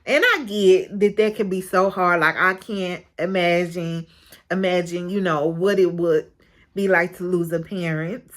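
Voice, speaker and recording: A woman's voice: fairly low pitch, unhurried. A woman hosting a casual recap of a reality show, frank and chatty, often breaking into laughter.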